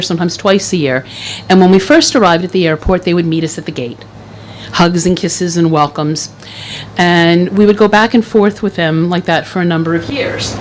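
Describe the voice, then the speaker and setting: A middle-aged woman from the Philadelphia area telling a personal story live on stage, wry and warm with laughing asides. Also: on the low side, a little hiss or hum, poor audio. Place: event stage in front of an audience.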